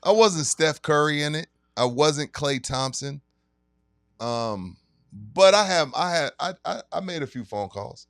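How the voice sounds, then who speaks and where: A man co-hosting a casual sports podcast, chatting and hyping up sponsor plugs with drawn-out emphasis. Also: on the high side, lively intonation, fairly bright tone, dry recording, clean studio sound. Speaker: podcast co-host.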